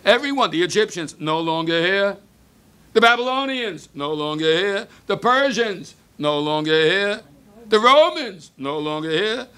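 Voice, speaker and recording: An older man giving a sermon, telling a story with Hebrew phrases mixed in, moving between hushed and emphatic delivery. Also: sits high, lively intonation, measured pace, smooth. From United States. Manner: mixes Hebrew phrases into English.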